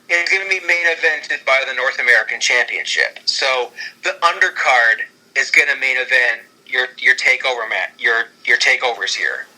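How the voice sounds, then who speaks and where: A man on a podcast excitedly pitching storylines in casual chat, rambling and often restarting his sentences. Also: poor audio. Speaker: podcast co-host.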